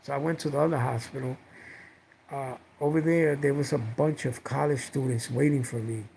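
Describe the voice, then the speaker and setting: A man's voice: medium pitch, steady tone, normal speed, gravelly, warm tone, slight background noise, low-quality recording. A man casually telling a personal story on a livestream, rambling, repeating himself and swearing now and then.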